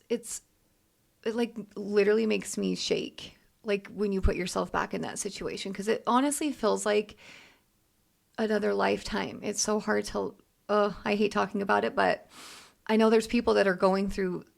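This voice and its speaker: Young adult female co-host, very gravelly, halting heartfelt storytelling. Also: mid-range voice. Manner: halting, heartfelt, many restarts. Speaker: podcast co-host. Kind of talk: emotional personal storytelling.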